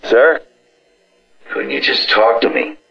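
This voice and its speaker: A man making a prank phone call, with a deadpan, blunt and pushy manner. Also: medium pitch, slow pace, vocal fry, soft background music. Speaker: prank caller.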